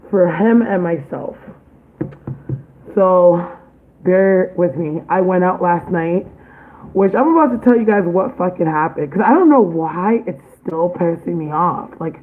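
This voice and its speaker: A young woman and parent chatting casually in a home vlog, loose and profane, with lots of "like". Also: on the low side. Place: home kitchen. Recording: tinny phone-like sound in an echoey room.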